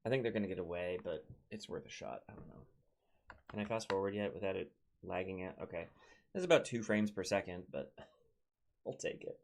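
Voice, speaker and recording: A young man from Minnesota, United States, hosts a let's play, casually commenting on a strategy game and talking to his units in a Minnesotan accent. He speaks in a low, brisk, creaky voice.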